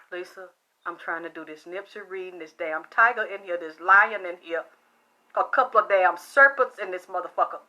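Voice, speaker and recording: A woman working as a psychic reader, telling a story in a blunt, excitable way with heavy cursing. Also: on the low side, brisk. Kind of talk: profane storytelling monologue.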